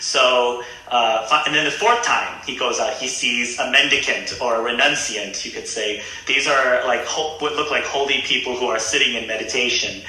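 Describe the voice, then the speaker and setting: Man, Buddhist reverend guest, retells an old story with loose, halting delivery; very bright tone, very echoey room. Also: medium pitch. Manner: hesitant, many fillers and restarts. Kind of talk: casual storytelling.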